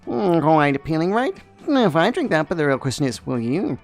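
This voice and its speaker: A woman's voice: low voice, very animated, fairly quick, darkish tone, soft background music. A woman voicing a male magical cat, a mysterious wizard bartender who talks in a teasing, theatrical way.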